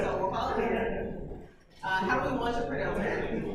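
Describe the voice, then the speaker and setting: A woman facilitating a discussion, playful and expressive, breaking into laughter as she quotes characters. She is caught from some distance in a boomy, reverberant room. A loud background din runs underneath. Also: unhurried, pauses often. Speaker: workshop facilitator. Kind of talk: leading a group discussion. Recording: echoey room from far off, loud background noise.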